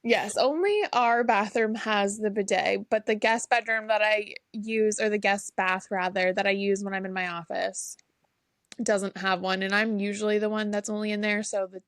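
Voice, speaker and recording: A woman's voice: medium pitch, steady tone, normal speed, no echo. Giggly woman, dry close sound. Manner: giggly, blunt storytelling. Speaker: podcast co-host. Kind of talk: casual chat.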